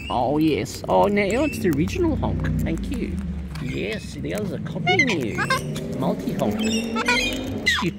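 A woman's voice: lowish voice, sing-song, unhurried, creaky, loud music behind the voice. Sing-song woman cooing at her birds. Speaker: bird keeper filming her pets. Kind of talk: casual talk to pet birds. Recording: loud background noise with bird calls. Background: birds squawking and honking.

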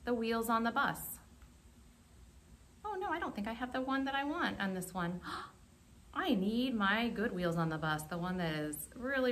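A young woman librarian reading a picture book to children for a remote storytime. Her voice swings lively up and down as she reads with expressive gasps and emphasis. She sits at a middle pitch and keeps a friendly pace. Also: a little hiss or hum. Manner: animated and expressive.

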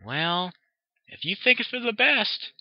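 A man's voice: sits high, expressive, unhurried, no echo, voice pushed up. A man reading aloud, voicing a tired, bookish young female unicorn with a raised voice, recorded dry and dull. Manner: tired, sighing.

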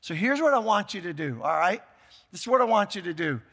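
An older man preaching a sermon as pastor, emphatic, repeating key phrases and breaking into shouts. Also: sits high, animated, a little fast, creaky, in a large hall. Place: church sanctuary.

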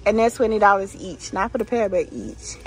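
A woman with a mid-range voice talks briskly while vlogging her way through a store. She chats, gushes over the holiday decorations and reads signs aloud in this casual shop-along, recorded with poor audio.

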